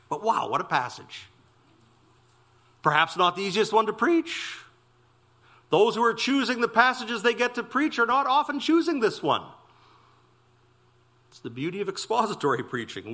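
A man preaching an expository sermon in a church, emphatic and exclamatory, stressing phrases slowly. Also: sits high, sharp tone. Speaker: pastor.

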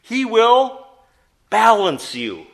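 Animated man teaching a Bible study. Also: high-pitched, very slow, gravelly. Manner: asks the group questions and answers them himself; emphatic, stresses key words.

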